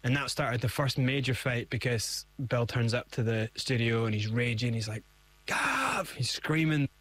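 A man's voice: mid-range voice, steady tone, normal speed. A middle-aged man, a guest in an interview, telling his story with animation and acting out the voices he quotes. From Scotland.

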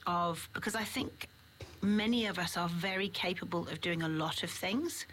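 A woman's voice: fairly low pitch, normal speed, a bit bright. A woman co-hosting a podcast in casual chat, talking reflectively and laughing often. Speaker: podcast co-host.

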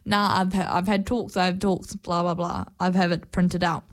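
A man's voice: high-pitched, level tone, normal speed, fairly bright tone. A woman doing an offhand impression of a brusque male team boss with an Austrian accent. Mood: dismissive.

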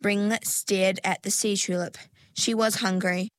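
Slow, measured woman reading a story. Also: mid-range voice, fairly even intonation, no echo. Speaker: narrator.

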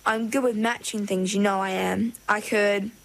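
A woman's voice: medium pitch, fairly even intonation, normal speed, gravelly, close to an everyday voice. A woman voicing a young mergirl who pleads eagerly to be allowed to help, read from a storybook. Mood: pleading. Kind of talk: storybook reading.

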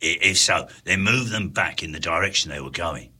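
A man voicing a brisk, practical pack leader giving orders. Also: low voice, sharp tone, breathy edge, voice pushed down, exaggerated voice. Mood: commanding.

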